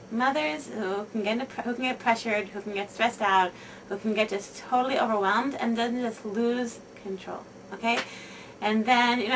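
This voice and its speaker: Earnest high-voiced woman, heard from afar. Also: fairly bright tone, distant mic, slight background noise, low-quality recording. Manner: halting, with many fillers and repeated emphasis. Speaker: mother speaking to other mothers. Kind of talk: reading aloud and casual talk.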